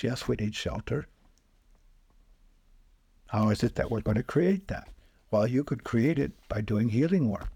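A man, a spiritual healer, speaking as a podcast guest and telling lively anecdotes, acting out the quoted voices. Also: medium pitch, creaky, husky, no room sound. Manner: animated anecdotes, acts out quoted voices, chuckles often. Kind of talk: casual storytelling interview.

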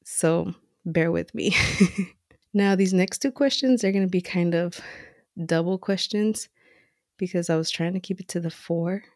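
A woman hosting a casual self-coaching podcast from home late at night, talking softly and a little out of breath, chatty and relaxed with lots of "like" and "right". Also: fairly low pitch, measured pace, long pauses, dry recording, clean studio sound. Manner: chatty, conversational, laughs often, says "like" and "right"; speaking softly to keep quiet. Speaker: podcast host.

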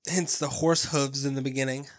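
A man's voice: medium pitch, fairly even intonation, brisk. A man co-hosting a casual podcast, laid-back, swearing freely and laughing often. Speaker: podcast co-host. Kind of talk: casual chat.

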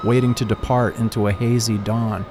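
A man narrating a first-person story in a calm, reflective way. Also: lowish voice, moderate pace, noisy background.

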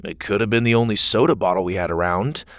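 A man's voice: fairly low pitch, fast talker, a bit bright, no echo. A man voicing a plain-spoken young hero.

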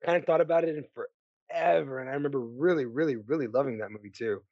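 A man co-hosting a podcast, chatting casually about movies with a relaxed, rambling manner. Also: medium pitch, fast, no room sound. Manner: relaxed, rambling, lots of likes. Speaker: podcast co-host. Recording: dry dull lo-fi mic.

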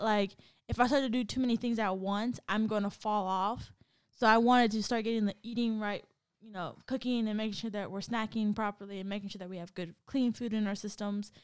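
A young adult woman with a slightly high voice co-hosts a casual podcast. She jokes and giggles freely between points. The recording is close and dry, with no room sound. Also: clear, resonant tone, no echo. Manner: giggly, joking, quick to laugh. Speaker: podcast co-host. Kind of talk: casual chat.

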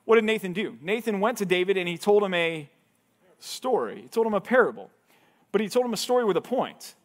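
In a church hall, a male pastor with a higher-than-usual voice leads a Bible study a little fast, in a relaxed, conversational way. He keeps questioning his listeners and acts out the lines he quotes.

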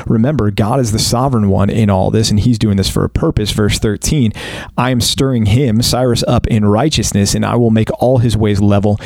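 An American man co-hosting a casual Bible discussion, thinking aloud and reading verses slowly and deliberately. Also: lowish voice, fairly even intonation, creaky, darkish tone, dry recording. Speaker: podcast co-host.

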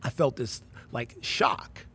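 A man's voice: takes it slowly, a bit bright, slight background noise. A man, a pastor, telling a personal story in casual conversation, acting out quoted voices and using slang.

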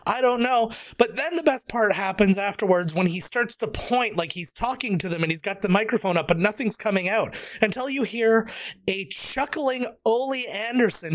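A man on a podcast panel, telling a long story in a casual, animated way. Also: high-pitched, no echo.

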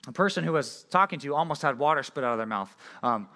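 A young man, a youth pastor, giving a casual sermon to a junior high group, telling a rambling personal story full of fillers before turning to a prayer. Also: lively intonation, fast, hardly any pauses, sharp tone.

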